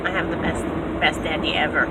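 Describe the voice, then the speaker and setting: Animated young woman, noisy car. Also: brisk. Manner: animated storyteller, acts out quotes with big pitch jumps. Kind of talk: casual storytime vlog.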